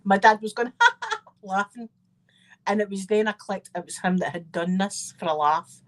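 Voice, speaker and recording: A woman with a Scottish accent telling rambling, animated family anecdotes in a casual chat, with frequent asides. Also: medium pitch, normal speed. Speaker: channel host.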